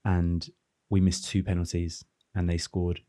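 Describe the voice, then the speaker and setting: A man in his thirties, a former footballer, talking through his career in a relaxed, reflective podcast chat with many restarts. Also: low-pitched, unhurried, no room sound, clean studio sound. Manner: reflective, rambling with restarts and fillers. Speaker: former professional footballer, guest. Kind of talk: casual podcast conversation.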